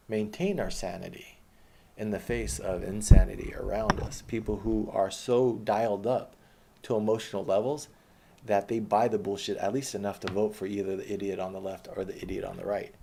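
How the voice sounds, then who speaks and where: A young man rants to camera in a profane, sarcastic, rambling way, jumping from loud outbursts to low mutters. His voice sits fairly low with a gravelly, fried edge. A faint hiss of background noise runs under it. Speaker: vlogger. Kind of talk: ranting monologue to camera.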